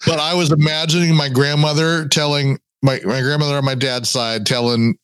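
A man's voice: fairly high pitch, little pitch movement, normal speed, fairly bright tone, clear, resonant tone, dry recording. A man co-hosting a podcast, chatting casually with rambling, joking asides and frequent restarts. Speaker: podcast co-host. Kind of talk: casual chat.

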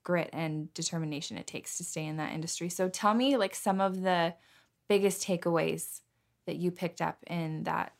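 A woman hosting a podcast interview, reacting with animated admiration before asking her guest a question. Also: fairly low pitch, moderate pace, vocal fry. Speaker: podcast host. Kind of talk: conversational interview.

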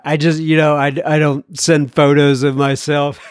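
A man's voice: a little high, flat delivery, normal speed, smooth, no echo. A man hosting a podcast, reading listener mail in a casual, jokey way and laughing at his own jokes. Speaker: podcast host.

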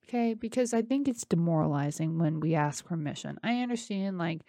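Chatty woman with a mellow voice. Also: on the low side, expressive, brisk, no room sound. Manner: chatty, encouraging, addresses listeners directly. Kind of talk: casual self-care talk.

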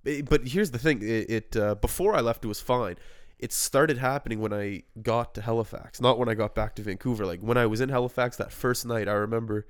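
A man's voice: medium pitch, a little fast, hardly any pauses, clear, resonant tone. A man hosting a casual podcast chat with a stuffed-up nose, talking in a rambling, self-deprecating way. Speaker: podcast host.

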